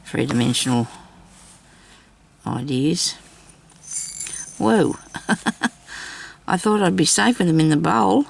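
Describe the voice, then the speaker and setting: A woman chats away to her viewers as she works on a craft project. Her voice is strongly gravelly and husky, and her talk rambles along casually. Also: low-pitched, expressive, takes it slowly, long pauses. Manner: chatty, rambling, talks directly to viewers. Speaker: craft vlogger.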